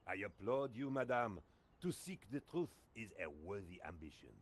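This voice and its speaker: An actor with a French accent playing a philosophical, grandly courteous café owner in a video game, speaking in a flowery, gallant way. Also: male voice, fairly low pitch, big pitch swings, moderate pace.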